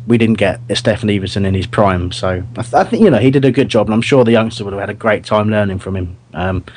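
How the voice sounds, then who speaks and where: A man hosting a casual fan podcast, talking in a rambling, hesitant way with many restarts. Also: lowish voice. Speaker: podcast host.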